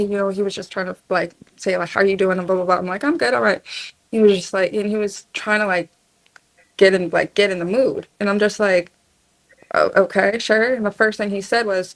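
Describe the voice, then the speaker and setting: Animated woman telling a story. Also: medium pitch, poor audio. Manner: animated, swears, acts out quotes. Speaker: guest. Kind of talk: casual storytelling.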